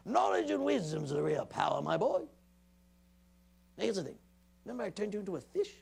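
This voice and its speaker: A man putting on the voice of a wise old wizard, speaking in a gently instructive, fatherly way. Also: high-pitched, huge pitch swings, brisk, creaky, slightly rough, pitched above the performer's own voice, full character voice. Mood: wise, coaxing.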